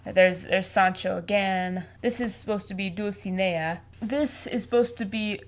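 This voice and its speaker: Chatty, playful young woman vlogger. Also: mid-range voice. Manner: chatty and playful, quick asides. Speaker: vlogger and artist. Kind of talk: casual chat.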